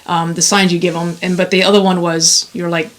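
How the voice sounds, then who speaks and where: A woman's voice: fairly low pitch, a little fast. A woman co-hosting a podcast in casual chat, telling stories and acting out the lines she quotes. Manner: animated storyteller, acts out quoted lines. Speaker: podcast co-host.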